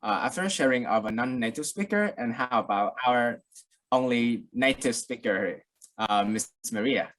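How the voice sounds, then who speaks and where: A man's voice: medium pitch, animated, moderate pace, a bit bright. A man moderating a webinar panel, polite, with frequent uhs.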